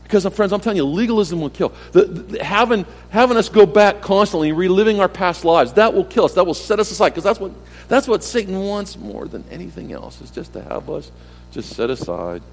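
Long hall reverb surrounds a middle-aged pastor's expressive, brisk male voice as he delivers a conversational sermon. He asks rhetorical questions, repeats key phrases, and moves between forceful lines and quiet, low ones.

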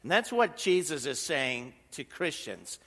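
A man's voice: fairly high pitch, sing-song, measured pace, fairly bright tone, big-room sound. A middle-aged man preaching a sermon as pastor, in a conversational way that leans on rhetorical questions.

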